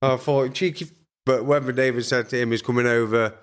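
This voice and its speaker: A man's voice: mid-range voice, level tone, a little fast, clear, resonant tone. A former boxer chatting as a podcast guest, telling crude, funny stories and laughing as he goes. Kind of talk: casual storytelling chat.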